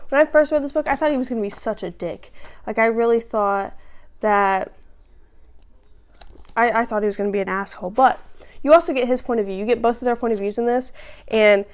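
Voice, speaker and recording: A woman's voice: on the high side, fairly quick, long pauses. A woman chatting casually as a book vlogger, rambling with many fillers and restarts. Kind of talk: casual book review chat.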